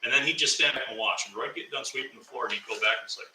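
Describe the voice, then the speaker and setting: Bright-voiced man telling a funny work story. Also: mid-range voice, very fast, slight background noise. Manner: animated, laughs through his story. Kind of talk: casual storytelling chat. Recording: echoey room, mic at a distance.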